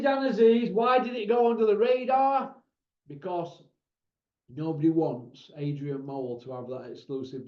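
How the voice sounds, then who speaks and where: A man's voice: fairly high pitch, darkish tone. A man giving a casual, rambling monologue as a boxing pundit, opinionated and full of tag questions. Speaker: boxing pundit and channel host. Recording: roomy, dull lo-fi sound.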